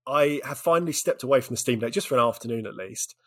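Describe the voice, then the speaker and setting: A man co-hosting a relaxed video game podcast, gushing about what he has been playing. His voice is husky and his tone is self-deprecating, broken up by frequent laughter. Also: mid-range voice, fast. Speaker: podcast co-host. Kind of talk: casual chat about video games.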